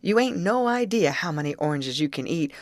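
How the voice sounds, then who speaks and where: A woman voicing an easygoing Southern male farmhand who speaks in an unhurried drawl with rural grammar. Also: lowish voice, expressive, no room sound, close to an everyday voice.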